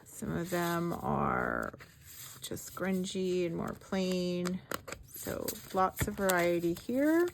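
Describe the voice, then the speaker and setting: Slow, soft-spoken woman with gravelly fry. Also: on the low side, very animated, slight background noise. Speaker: craft channel host. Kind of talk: craft-along narration.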